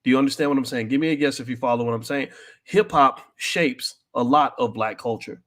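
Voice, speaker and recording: A man hosting a commentary show, talking bluntly and directly to his audience, with many restarts and loud, high-pitched outbursts when worked up. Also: a little fast. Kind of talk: opinionated commentary to an online audience.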